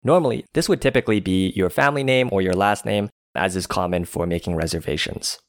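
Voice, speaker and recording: Low-voiced man explaining phrases. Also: fast, dry recording, clean studio sound. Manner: explains word by word, spelling out tones. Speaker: language teacher playing a diner. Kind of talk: language lesson.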